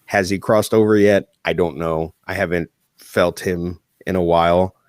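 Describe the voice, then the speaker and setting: Deep and steady at a normal speed, a male podcast co-host swears often while recounting a personal story in casual talk. The sound is clean studio quality, free of echo.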